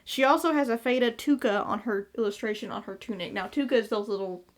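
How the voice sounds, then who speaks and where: A woman's voice: fairly high pitch, fast talker. A woman from the American South with a Southern accent, co-hosting a fan podcast in casual chat, hesitant and full of fillers as she reads episode trivia. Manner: hesitant, filler-heavy, recaps episode notes. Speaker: podcast co-host.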